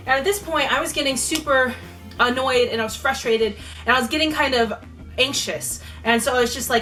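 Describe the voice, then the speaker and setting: A young woman vlogger telling a personal story in a lively, slangy way. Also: high voice, fairly quick, far from the mic. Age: young adult. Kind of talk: storytime vlog. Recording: voice a bit off-mic with faint music.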